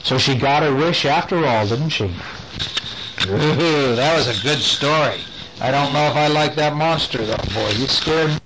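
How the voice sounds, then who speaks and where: A man's voice: on the high side, normal speed, noisy background. A man reading bedtime stories aloud to a child, playful and chatty, stopping to talk about the pictures.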